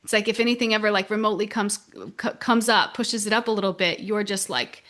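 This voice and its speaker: Woman discussion leader, bright and sharp tone, reflective and encouraging, casual. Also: mid-range voice, fairly even intonation, a little fast. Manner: encouraging, reflective, with frequent likes.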